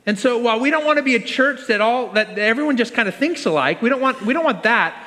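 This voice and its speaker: High-voiced guy preaching casual-style, echoing around a big church hall. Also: lively intonation, fast talker, sharp tone. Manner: conversational, leads congregation in call-and-response. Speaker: pastor. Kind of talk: sermon. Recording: long reverb of a large hall.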